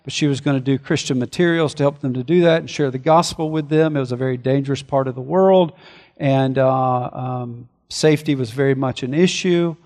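A man preaching a sermon as a pastor, earnest, swinging between forceful declarations and hushed, slowed reflection. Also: mid-range voice, long reverb tail.

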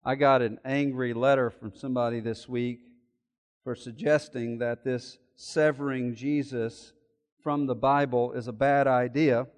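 A man preaching a sermon, building from quiet explanation into loud, emphatic, impassioned declarations. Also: medium pitch, steady tone, unhurried, in a large hall.

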